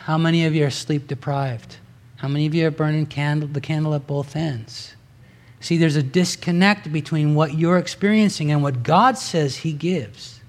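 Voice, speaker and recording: Earnest male preacher, higher-pitched voice. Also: normal speed. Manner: earnest, rises in pitch and force for emphasis; conversational with asides and restarts. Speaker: pastor. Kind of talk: sermon.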